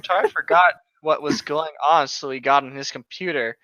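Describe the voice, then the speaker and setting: A young man with a bright, fairly high voice, trading sarcastic, profane jokes as a podcast co-host. His dull, lo-fi mic takes the top off the sound. The room sounds dry and close. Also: dry recording. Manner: sarcastic, quick swearing jokes. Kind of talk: casual chat.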